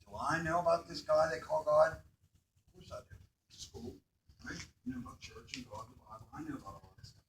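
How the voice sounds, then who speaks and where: A man's voice: on the high side, very animated, brisk, vocal fry, a little hiss or hum. Man telling students his story in an echoey hall. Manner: asks the audience questions, repeats "right?". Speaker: motivational speaker at a school. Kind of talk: emotional personal story told to students. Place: school hall. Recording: echoey hall, speaker far from the mic.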